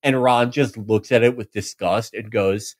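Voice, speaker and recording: A man's voice: fairly low pitch, unhurried. A man, a podcast host, telling mocking comic stories in casual chat. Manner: animated storytelling, mocking.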